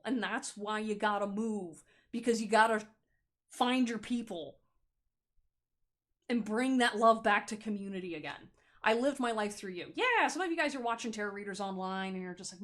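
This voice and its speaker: A woman with a fairly high voice gives a pick-a-card tarot reading straight to camera. She is animated and playful, blunt with her viewers, and often laughs. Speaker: tarot reader.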